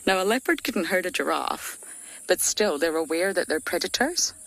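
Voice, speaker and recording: A woman safari guide giving live game-drive commentary from an open vehicle, chatty, laughing often, at times hushed to a whisper. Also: fairly low pitch, expressive, normal speed, vocal fry, no echo. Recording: engine and outdoor ambient noise.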